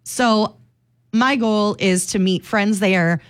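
A woman's voice: medium pitch, slow. A woman co-hosting a casual chat, upbeat and laughing often. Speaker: co-host.

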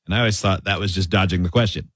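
A man's voice: sits low, fairly even intonation, rapid-fire, a bit bright, no room sound. A man co-hosting a casual studio chat, reading out listener messages and laughing easily. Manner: reads listener texts aloud, laughs easily.

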